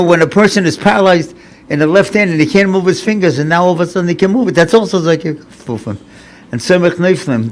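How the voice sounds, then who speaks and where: A man in his seventies, a rabbi giving an inspirational sermon in an earnest, conversational way, often repeating phrases for emphasis. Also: a little high. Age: 70s. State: recovering from paralysis, slightly impaired speech. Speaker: rabbi and lecturer.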